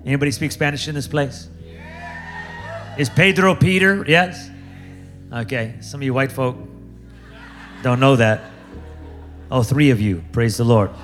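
A man preaching a sermon as guest speaker, calling for responses from the congregation and building to shouts. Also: medium pitch, unhurried, pauses often, faint music behind.

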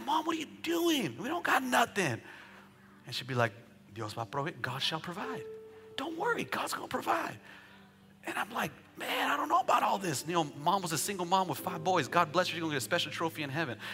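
A man preaching a sermon as a pastor, chatting and joking with the congregation before building up to loud, rhythmic declarations. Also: on the high side. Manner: conversational preaching with jokes, rising to shouted declarations.

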